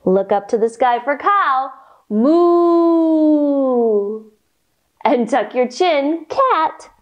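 Bright, lively kids' yoga teacher woman. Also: sits high, slow, dull audio. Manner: cheerful, encouraging, speaks to young kids. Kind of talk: guided yoga storytime for children.

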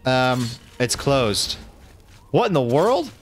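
Goofy, lively-voiced gaming streamer man. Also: mid-range voice, takes it slowly, a little hiss or hum. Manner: goofy, excitable, playful. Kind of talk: casual let's-play commentary.

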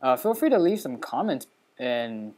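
Excitable young man narrating gameplay. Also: moderate pace. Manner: excitable, chatty, with sudden high squeals. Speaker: let's play host. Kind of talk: casual gameplay commentary.

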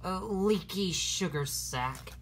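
A woman's voice: on the low side, expressive, slow, a little hiss or hum. A woman voicing a clumsy, easygoing male engine who talks hesitantly, in a fan drama. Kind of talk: amateur fan drama voice acting.

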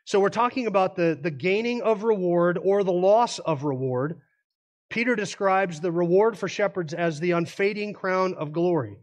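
A man preaches an expository sermon in a fairly high voice. He is earnest and careful, explaining words and correcting himself as he goes. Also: moderate pace. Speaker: pastor.

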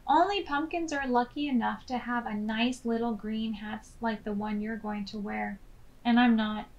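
A woman voicing an eager young girl from a picture book who wants to dress as a pirate, in a bright, excited storytime character voice. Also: on the high side, normal speed, muffled recording, lightly acted.

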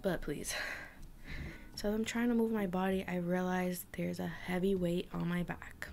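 A woman's voice: fairly low pitch, little pitch movement, unhurried, creaky, mellow, a little hiss or hum. A young woman vlogger telling a frightening personal story to her camera, tense and emotional, often dropping to a whisper. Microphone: camera mic.

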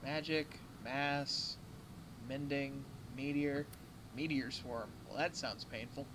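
A man running an online tabletop game as game master, reading rules aloud haltingly and laughing often. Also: mid-range voice, steady tone, noisy background.

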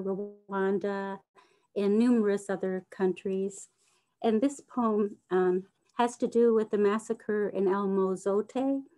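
A woman poet introducing and reading her poems in a measured, grave manner on a livestream. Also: medium pitch, dark tone. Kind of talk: poetry reading. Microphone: livestream home mic.

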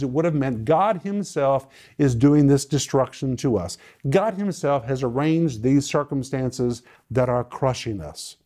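A male preacher teaching a sermon, emphatic and repetitive, with sudden swings in loudness and pitch. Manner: emphatic, repeating phrases with sudden dynamic swings.

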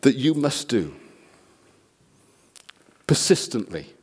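A man preaching a sermon as a guest speaker, an animated storyteller who acts out the people in his stories. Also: medium pitch, takes it slowly, slightly rough.

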